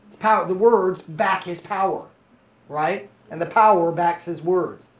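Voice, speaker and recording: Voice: medium pitch, unhurried, reverberant. A Bible study teacher reading verses to a small group and explaining them, often stopping to check that the listeners are following.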